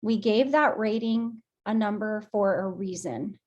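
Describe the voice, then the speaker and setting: A woman leading a guided emotional release session over a video call, speaking in a gentle, affectionate and encouraging way. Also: medium pitch, unhurried, muffled recording. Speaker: group session facilitator.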